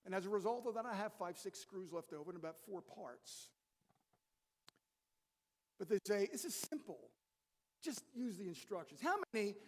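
A man preaching a sermon in a relaxed, joking, conversational way, reading scripture and acting out the people in it. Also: high-pitched. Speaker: pastor. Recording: echoey hall with long reverb.

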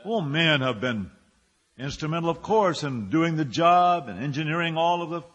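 A man's voice: fairly high pitch, animated, moderate pace, fairly bright tone, big-room sound, muffled recording. A male pastor preaching a sermon, firing rhetorical questions and building his phrases up with emphasis.

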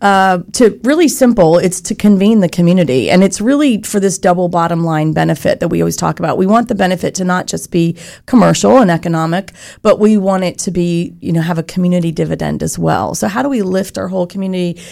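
Woman, chamber of commerce head in an interview; low-pitched, fry in the voice, articulate. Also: quick pace, hardly any pauses, a little mellow. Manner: earnest, articulate, explains with examples. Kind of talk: interview conversation.

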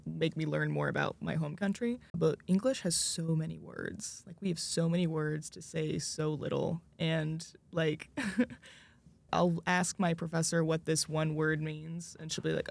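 A man's voice: fairly high pitch, steady tone, normal speed, gravelly. A young man, a French student from the United States, talking casually on a student panel, rambling and searching for examples with plenty of fillers.

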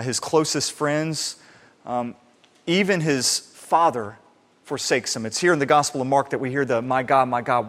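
A man preaching a sermon in an animated way, acting out the people he quotes. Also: medium pitch. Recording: reverberant hall sound.

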